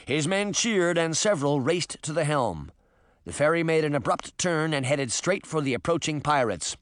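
A man narrating an audiobook in an expressive storytelling manner. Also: on the high side, moderate pace, dry recording, clean studio sound. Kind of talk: scripted narration.

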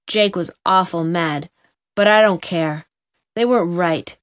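A woman voicing a sad, gruff country boy who speaks dully and hoarsely in a storybook reading. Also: lowish voice, a little slow, dry recording, studio quality, lightly acted. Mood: bitter. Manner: dull, hoarse, holding back tears.

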